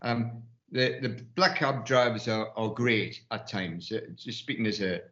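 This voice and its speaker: A man's voice: lowish voice, unhurried, a bit bright, echoey room, muffled recording. A man from Newcastle with a Geordie accent, telling rambling anecdotes as an investment firm partner in a casual panel discussion. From Newcastle, England. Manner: rambling anecdotes, many restarts.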